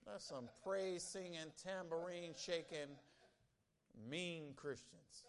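A man's voice: fairly high pitch, slow, long pauses. A male pastor preaching a sermon, telling stories with animation and calling out to the congregation. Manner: animated storytelling, calls out to the congregation.

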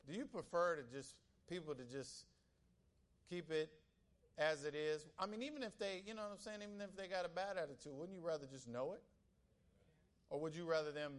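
A male pastor preaching a sermon, telling stories with animation and calling out to the congregation. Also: fairly high pitch. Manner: animated storytelling, calls out to the congregation.

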